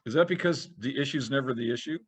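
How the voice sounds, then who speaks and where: A man's voice: medium pitch, fast talker, slightly rough. A man in a casual conversation who encourages his co-host and prompts him with questions. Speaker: podcast co-host.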